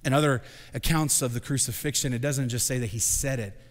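Male pastor, sermon, swells from hush to shouting, long church-hall reverb. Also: mid-range voice, fairly even intonation, a little fast. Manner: builds from quiet to shouting proclamation. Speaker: senior pastor. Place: church sanctuary.

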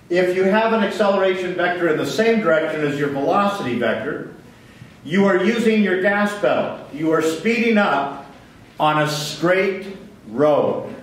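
A man's voice: on the high side, recorded from a distance, a little hiss or hum. Man lecturing in a very echoey hall. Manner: asks the class questions, then answers them. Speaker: physics lecturer. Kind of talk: classroom lecture.

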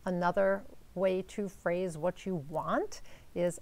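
Gravelly-voiced woman coaching casually. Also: fairly low pitch, moderate pace, a little mellow. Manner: coaching, upbeat, uses rhetorical "right?" and "okay?". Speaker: manifestation coach. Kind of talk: casual teaching talk.

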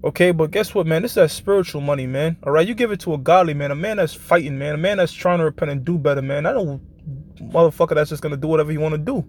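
High-voiced blunt man preaching live. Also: darkish tone, slight background noise. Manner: blunt and profane, constant checks with his listeners; slows down for scripture passages. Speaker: street preacher hosting a live show. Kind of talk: informal preaching with scripture reading.

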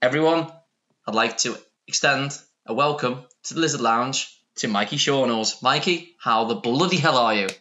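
A man's voice: mid-range voice, normal speed, sharp tone, lo-fi sound. A British man hosting a comedic podcast interview, hesitant and mock-earnest. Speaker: podcast host.

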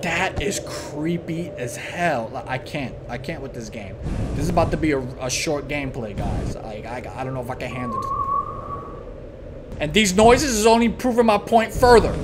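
A man's voice: fairly high pitch, expressive, moderate pace, heavy background noise. A young man streaming a horror game, talking in slang, swearing and crying out at every scare. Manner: jumpy, loud outbursts, swearing slang. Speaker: gaming channel host.

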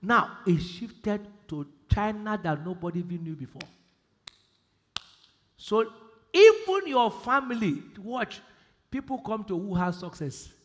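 A man with a Nigerian English accent preaching a sermon, quoting scripture and bursting into shouted emphasis. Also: high voice, expressive, measured pace, long pauses. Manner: preaching with sudden shouted emphasis and Bible quotes. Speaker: pastor. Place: large church hall. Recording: live church hall with long reverb.

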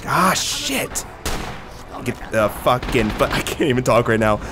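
A young man doing casual, excitable gameplay commentary, rambling, swearing and laughing between remarks. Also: mid-range voice, brisk. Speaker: gaming commentator. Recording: noisy with game gunfire behind. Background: gunfire and artillery from the game.

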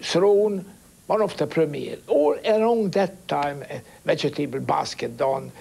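An older man with a Hungarian accent recalls his work in an interview, in halting, broken phrasing. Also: a little high, animated, gravelly, darkish tone, slightly rough. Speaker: interviewee, conductor. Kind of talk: reflective interview.

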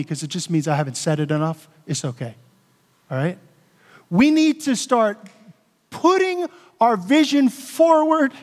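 A pastor addressing his congregation at a church meeting, earnest and emotional, often checking in with the room. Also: high-pitched. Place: church sanctuary. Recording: long hall reverb.

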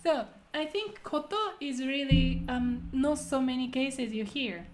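A woman with a Japanese accent hosting a casual language lesson, talking quickly and laughing often. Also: high voice, a little mellow, soft background music. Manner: quick, laughing, switches between English and Japanese. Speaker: Japanese teacher host.

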